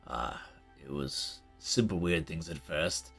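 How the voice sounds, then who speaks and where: Gruff tired half-orc sailor guy, a man doing the voice, real low, stumbles over his words. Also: fairly bright tone, exaggerated voice. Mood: troubled. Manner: halting, apologetic, worn-down talk. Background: faint background music.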